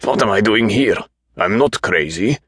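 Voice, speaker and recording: A man voicing a delusional older man who calls himself a king, speaking in slow, emphatic, agitated pronouncements. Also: lowish voice, expressive, fairly bright tone, slightly rough, no echo, clean studio sound, voice pushed up. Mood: fearful.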